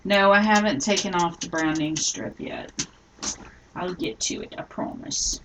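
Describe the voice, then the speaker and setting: A middle-aged woman hosting a live scrapbooking tutorial, chatting casually and thinking aloud as she works, often trailing off softly. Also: on the low side, unhurried, slight background noise, poor audio.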